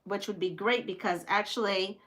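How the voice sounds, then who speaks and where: With a mid-range, fairly bright voice, a middle-aged woman runs a quilting live stream, keeping her intonation fairly even at a normal speed. She chats casually with viewers while sewing, laughing often, captured by her home streaming mic.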